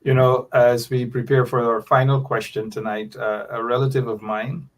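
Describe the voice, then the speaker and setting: A man's voice: mid-range voice, level tone, normal speed, distant mic, low-quality recording. A man hosting a talk show, telling stories in a playful, chatty way. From Guyana. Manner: storytelling, playful. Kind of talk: casual talk show chat.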